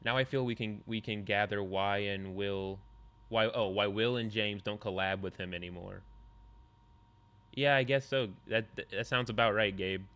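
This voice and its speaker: A man's voice: on the low side, fairly even intonation, normal speed, a bit bright. A man streaming, musing aloud and answering his chat in a reaction commentary.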